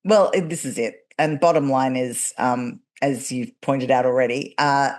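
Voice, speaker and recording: A woman from Australia with a low voice hosts a conversational podcast. She speaks emphatically, laughs easily and hands out direct, no-nonsense advice. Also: moderate pace, darkish tone. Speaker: podcast host.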